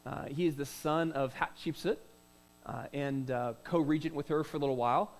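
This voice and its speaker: A man's voice: a little high, steady tone, moderate pace, rough recording. A man preaching a sermon as pastor, in a conversational way with rhetorical questions, "uh" fillers and repeated words.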